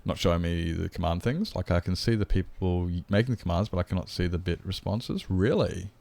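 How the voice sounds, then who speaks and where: Sweary gravelly Australian man streaming. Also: low-pitched, brisk, a little mellow. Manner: blunt and sweary, rambling, chats to viewers while gaming. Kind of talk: casual live-stream chat.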